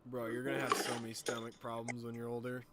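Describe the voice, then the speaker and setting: A man's voice: medium pitch, completely flat delivery, fast, a crowd in the background. Profane, rambling young male streamer. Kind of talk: casual gaming-stream commentary.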